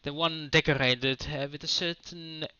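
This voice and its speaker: A man runs a tabletop space adventure for his friends, slipping in jokes and catching his own mix-ups as he narrates. His voice is strikingly bright and forceful. It arrives through a dull, lo-fi home call mic. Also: on the high side, steady tone, moderate pace, clean tone, no echo. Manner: jokey, self-correcting narration with fillers. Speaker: game master. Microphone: home mic on an online call.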